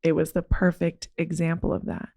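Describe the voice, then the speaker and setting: Lively woman podcast host, slangy storytelling. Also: normal speed, vocal fry. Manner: animated, rising pitch when excited; casual, slangy. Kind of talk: candid conversational storytelling.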